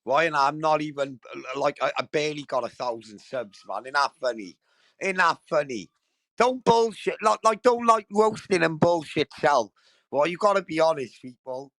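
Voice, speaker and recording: A loud-mouthed young livestream host who swears freely and peppers everything with "right?" His voice sits on the higher side and the sound is dry, close and unroomy. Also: sing-song, moderate pace, no room sound, low-quality recording. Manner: brash and sweary, keeps tagging lines with bro and right. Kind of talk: rowdy livestream banter.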